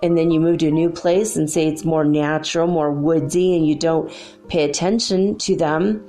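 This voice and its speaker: Woman, middle-aged, deep mellow voice, rambling casual talk. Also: steady tone, normal speed, faint music behind. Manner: rambling, chatty, with many fillers. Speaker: spiritual channel host. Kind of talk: casual spoken monologue.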